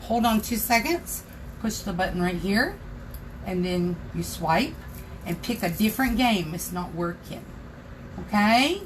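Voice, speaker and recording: A woman's voice: medium pitch, animated, a little slow, noisy background. A woman hosting a casual craft tutorial livestream from her home craft room, chatting and greeting viewers by name.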